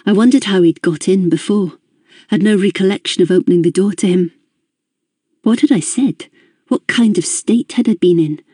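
An audiobook narrator giving a measured, introspective first-person reading of a novel. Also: mid-range voice, warm tone, husky, no echo, clean studio sound.

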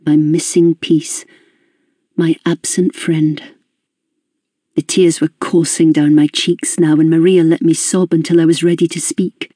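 A woman narrating a first-person audiobook in a measured, introspective way. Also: low voice, level tone, warm tone, husky, no echo, studio quality.

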